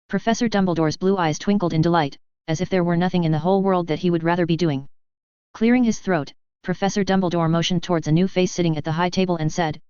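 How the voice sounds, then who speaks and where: Very smooth, dry audiobook narrator. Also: mid-range voice, steady tone, fast talker, a little mellow, no room sound, highs cut off. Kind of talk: audiobook reading of fan fiction.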